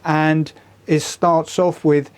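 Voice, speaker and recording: Slow-speaking older man teaching breathwork. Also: a little high, little pitch movement, darkish tone, clear, resonant tone. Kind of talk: slow guided instruction.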